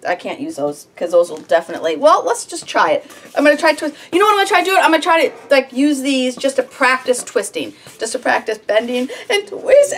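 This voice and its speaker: A woman vlogging at home on her homestead, talking herself through a fiddly craft in a fretful, slightly whiny way. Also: fairly high pitch. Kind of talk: casual self-talk while crafting. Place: at home on a farm.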